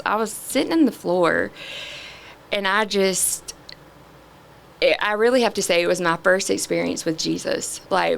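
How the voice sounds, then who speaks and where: A middle-aged woman, a podcast guest, sharing a candid personal testimony in an earnest, halting way with many pauses. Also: on the low side, vocal fry, slight background noise.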